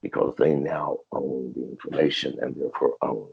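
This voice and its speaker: Gravelly older man, very deep and blunt. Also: fairly even intonation, normal speed. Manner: blunt, swearing, defiant. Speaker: interview guest. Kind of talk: profane storytelling interview. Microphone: video call. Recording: dull lo-fi video call audio.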